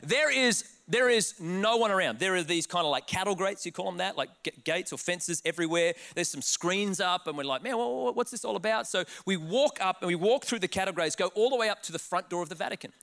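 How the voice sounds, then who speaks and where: A man with an Australian accent preaching a sermon, telling a funny personal story with quick laughs and acted-out quotes. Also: high voice. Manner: animated, laughing, restarts words, acts out quotes. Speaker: pastor.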